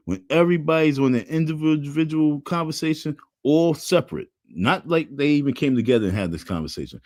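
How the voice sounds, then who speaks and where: Animated man ranting on a livestream. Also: on the high side, no echo, studio quality. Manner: animated, repetitive chanting, mocking voices. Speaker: livestream host. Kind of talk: casual livestream rant.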